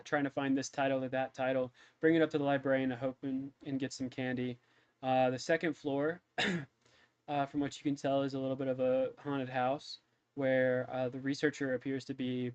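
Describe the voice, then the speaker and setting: A man's voice: mid-range voice, a little mellow, clean tone. A man running a tabletop game as game master, narrating casually with lots of ums and likes. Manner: casual, filler-heavy narration. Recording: dull dry lo-fi mic.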